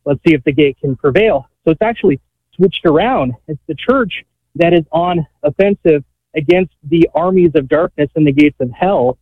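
A man's voice: on the high side, moderate pace, dry recording. Breathless male caller on a tinny phone line. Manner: earnest, hesitant with fillers. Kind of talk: call-in radio talk.

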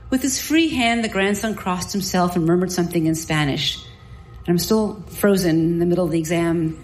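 Woman doctor spinning a funny self-mocking story, vivid and lively. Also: fairly low pitch, normal speed, echoey room, faint music behind, low-quality recording. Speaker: doctor telling a personal story. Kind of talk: live storytelling.

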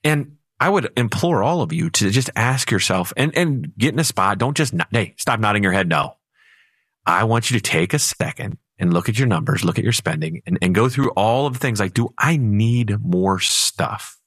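A man's voice: fairly low pitch, expressive, moderate pace, fairly bright tone, breathy edge, no room sound, studio quality. A man co-hosting a financial radio show, telling stories in a conversational way that sometimes speeds up. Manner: storytelling and conversational, with sudden speed-ups. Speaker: financial advisor co-host. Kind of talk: talk radio chat.

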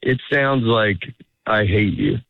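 A man's voice: lowish voice, wildly swooping pitch, slow pace, vocal fry, dry recording. A middle-aged man, a stand-up comedian, chatting casually as an interview guest in a rambling, self-interrupting storytelling way. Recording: tinny phone-like radio sound.

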